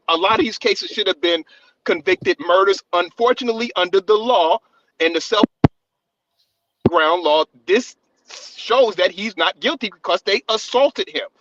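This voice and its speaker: A man's voice: high voice, pushed and bright, no room sound. A man calling in to debate a case, insistent with frequent restarts, on a dull line. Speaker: caller. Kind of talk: call-in debate.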